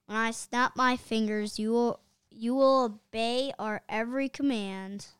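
A woman's voice: a little high, steady tone, measured pace, fairly bright tone, clear, resonant tone, no echo. A woman reading aloud as a mischievous young schoolboy, eager and a bit bossy.

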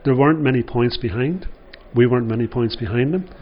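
An older Irish man who used to play football tells rambling anecdotes in an interview, saying "you know" a lot. His voice is husky and medium-pitched, fairly quick, with the highs cut off.

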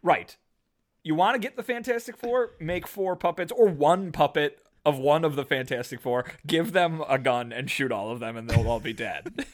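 A man's voice: a little high, moderate pace. A man co-hosting a podcast, recapping a comic book with jokey asides in casual chat. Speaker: podcast co-host.

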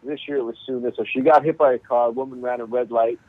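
A man chatting in a deadpan, dry-humored way. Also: medium pitch, fast, dry recording, phone-quality sound. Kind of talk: casual group chat.

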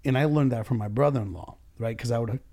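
A man's voice: medium pitch, fast talker, mellow. A man who runs his own business, talking casually and bluntly in a podcast chat, swearing freely and acting out bits of dialogue. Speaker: business owner and boss.

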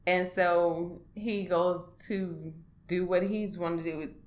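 A woman speaking in an interview, giving a personal account in a halting, hesitant way with many pauses and restarts. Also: on the low side, steady tone. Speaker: interview guest.

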